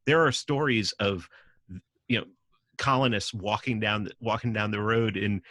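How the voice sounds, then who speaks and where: A man's voice: on the low side, fairly even intonation, moderate pace, fairly bright tone, no echo. A man from New City, a podcast guest arguing his point in casual conversation, emphatic and profane. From New York City. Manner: emphatic, profane, acts out quoted voices.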